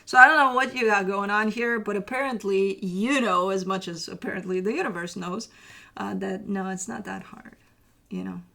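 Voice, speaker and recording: A woman's voice: medium pitch, steady tone, moderate pace, gravelly, sharp tone. A woman giving a casual tarot reading, chatty and loose, swearing now and then and slipping into teasing asides. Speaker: tarot reader.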